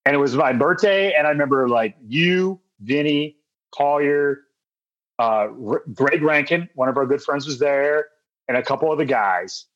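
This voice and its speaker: A man's voice: fairly high pitch, moderate pace, fairly bright tone, lo-fi sound. A man in his late twenties, co-hosting a podcast, animatedly telling a casual story and acting out his friends' lines. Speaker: podcast co-host.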